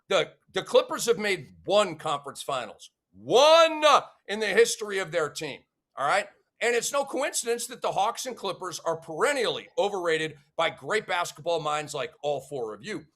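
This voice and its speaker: A man hosting a casual sports talk show, animated and ranting, repeating words for emphasis. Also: high voice, moderate pace. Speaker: podcast host.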